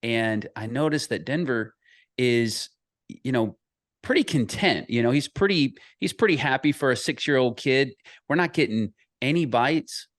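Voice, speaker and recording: A man's voice: medium pitch, normal speed, no room sound, clean studio sound. A man in his thirties, an associate pastor and author, earnestly telling a personal story in an interview with frequent restarts.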